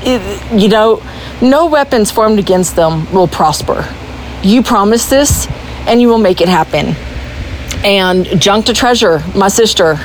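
A woman's voice: mid-range voice, slight background noise, rough recording. A woman from Texas with a Texan accent, calling in with an earnest, pleading prayer message. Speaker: caller.

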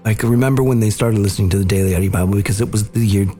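A man hosting a podcast, earnestly recounting a family memory in a measured, reflective way. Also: on the low side, warm tone, faint music behind. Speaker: podcast host. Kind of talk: reflective storytelling conversation.

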